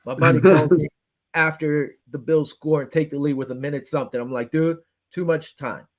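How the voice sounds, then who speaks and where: Speaking fast with a fairly high pitch, a Western New York man hosts a laid-back sports talk show. He's fired up and frustrated, animatedly breaking down a game and reenacting his phone calls as quoted back-and-forth amid angry rants.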